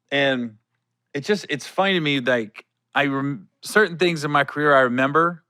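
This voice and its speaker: A middle-aged man hosting a solo podcast, telling a backstage story in a loose, animated way and acting out the people in it with a curse here and there. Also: mid-range voice, no room sound, studio quality. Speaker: podcast host.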